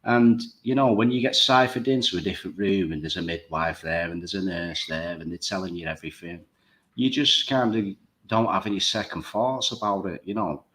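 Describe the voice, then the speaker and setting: A man's voice: sits low, a little fast, fairly bright tone. A man talking bluntly and emphatically in a casual chat show, swearing freely.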